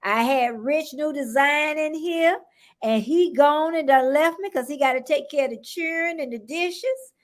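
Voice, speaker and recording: High-voiced chatty American woman streaming live. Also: a little slow. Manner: rambling, chatty, greets viewers by name; laughs often. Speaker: livestream host. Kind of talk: casual live-stream chat.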